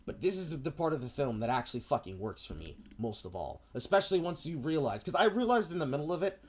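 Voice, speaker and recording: A man casually recapping a film plot on a stream, animated and swearing freely. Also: a little high, fast talker. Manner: animated, profane storytelling. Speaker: stream co-host.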